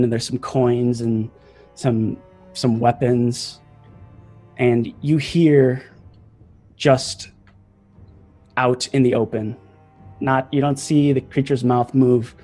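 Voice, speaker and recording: Slow, descriptive male game master. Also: mid-range voice, mellow. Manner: descriptive, with many fillers. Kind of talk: narrating a tabletop game.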